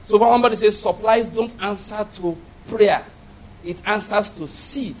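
A man with a notably high voice delivers a sermon. He drives his points home with repeated phrases and call-and-response questions like "It is by what?", pressing the listeners hard. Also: moderate pace. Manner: repeats key phrases for emphasis. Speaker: preacher.

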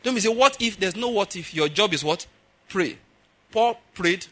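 Male preacher, lively pitch, husky, bright tone, acts out voices mid-sermon. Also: moderate pace. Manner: animated, acts out voices, laughs at own jokes.

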